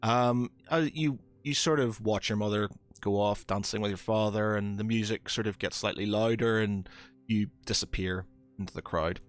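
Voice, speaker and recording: A man's voice: on the low side, moderate pace, soft background music. A man running a tabletop game as game master, narrating with many ums and hesitations.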